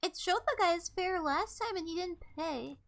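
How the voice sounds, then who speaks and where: A woman streamer playing a game live, reading its text aloud and reacting with loud, startled outbursts and swearing. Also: extremely high pitch, normal speed, creaky.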